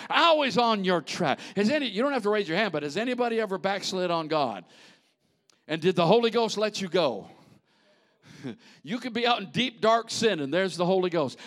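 A man preaching a sermon in an animated, conversational way, with asides to the congregation. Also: sits high.

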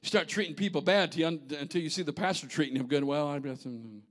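Man pastor with a high voice, preaching with passion, hushed one moment and shouting the next. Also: racing. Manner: impassioned, swinging from hushed storytelling to shouting. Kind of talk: sermon.

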